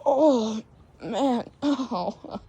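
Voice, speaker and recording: A woman's voice: mid-range voice, a little slow, gravelly, a little mellow, lo-fi sound. A woman voicing a hurt male cat creature who groans and complains. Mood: whiny.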